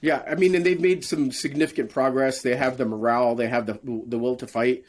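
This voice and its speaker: A man, a guest in a conversational interview, speaks in a measured way with frequent restarts and fillers. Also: mid-range voice, steady tone.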